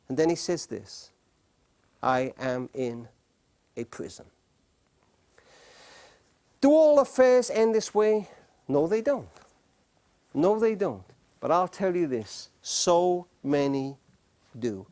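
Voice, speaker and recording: This is a man giving a talk to a live studio audience, and his voice rises and falls in a very lively way. He tells stories dramatically, slows down to repeat key phrases, and sinks almost to a whisper to make a point. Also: a little high. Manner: dramatic storyteller, drops to near-whispers for emphasis. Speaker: speaker on marriage.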